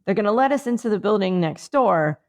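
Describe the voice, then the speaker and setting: A woman's voice: mid-range voice, animated, brisk. A woman co-hosting a comedy podcast remotely, rambling through a mock-earnest mindfulness bit with many fillers. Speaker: podcast co-host. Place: remote, on vacation.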